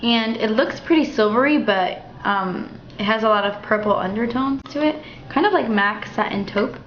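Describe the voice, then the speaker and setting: A young woman walking through a makeup tutorial in a chatty, relaxed way at home. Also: fairly high pitch, moderate pace, slight background noise. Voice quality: chatty, relaxed, thinking aloud. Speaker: beauty vlogger. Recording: dull, slightly roomy home recording.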